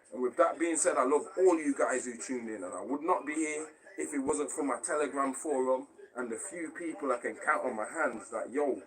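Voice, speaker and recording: A man's voice: medium pitch, a bit bright, poor audio. Blunt, profane man. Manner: blunt and profane, often asks if you understand. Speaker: host of a live stream. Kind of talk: casual monologue to viewers.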